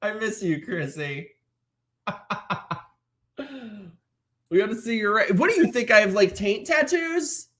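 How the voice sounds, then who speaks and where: A man's voice: high voice, lively intonation, moderate pace, hardly any pauses, a bit bright. Host guy reacting to clips, swears constantly, mocking tone, voice swinging way up and down. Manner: crude, mocking, swears a lot. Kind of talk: casual reaction stream.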